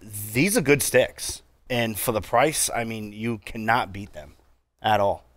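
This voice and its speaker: A man with a New England accent co-hosting a casual chat, relaxed and halting with lots of fillers. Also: lowish voice, no room sound. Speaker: podcast co-host.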